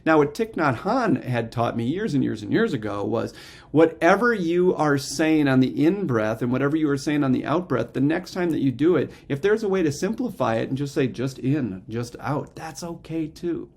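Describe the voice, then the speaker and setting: A man's voice: on the high side, expressive, normal speed, creaky. A man teaching a gratitude and meditation breathing practice, explaining step by step and often checking in with "okay?". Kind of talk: casual instructional talk.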